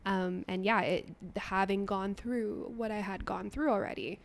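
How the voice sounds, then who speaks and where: Chatty woman with a gravelly edge. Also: medium pitch, steady tone, unhurried, slight background noise. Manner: chatty, laughs often, acts out her grandma's voice. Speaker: podcast guest, photographer. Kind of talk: casual interview chat.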